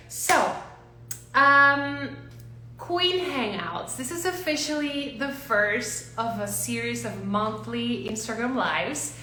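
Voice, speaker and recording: A woman's voice: high-pitched, bright, forceful tone, reverberant, a little hiss or hum. A woman hosting a casual livestream from home, chatting and greeting viewers one by one in a bubbly way. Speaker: livestream host. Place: home, neighbors gardening outside.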